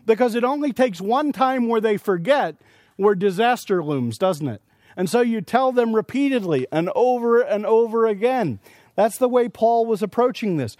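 A man's voice: sits high, animated, measured pace, a little mellow, no echo, clean studio sound. A man preaching a sermon at a conference, earnestly explaining scripture with everyday examples. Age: adult with young children. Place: conference session.

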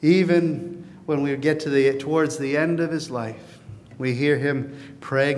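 A man preaching a sermon as pastor, earnest, swelling to emphatic peaks and then dropping to a softer, confiding tone. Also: a little high, steady tone, unhurried, in a large hall, slight background noise.

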